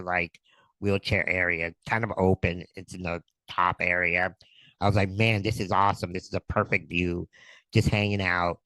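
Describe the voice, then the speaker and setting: A man, a podcast guest, telling an excited story full of quoted dialogue in casual talk. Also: deep voice, no echo, low-quality recording.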